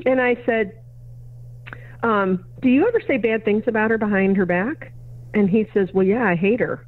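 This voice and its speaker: A woman's voice: a little high, expressive, a little slow. A woman guest on a podcast, telling a story in conversation and acting out both sides of a dialogue. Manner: acts out both sides of a dialogue, plays each remembered voice. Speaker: podcast guest, educator and consultant. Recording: narrow, phone-like audio of a remote interview.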